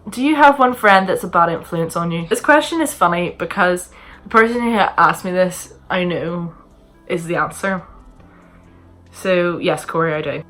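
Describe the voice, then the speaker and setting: A woman's voice: fairly low pitch, moderate pace, fairly bright tone. A young woman with a Northern Irish accent, chatting casually to camera in a rambling, self-deprecating way while she answers viewers' questions. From Northern Ireland. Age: young adult. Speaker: vlogger. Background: faint music from another room.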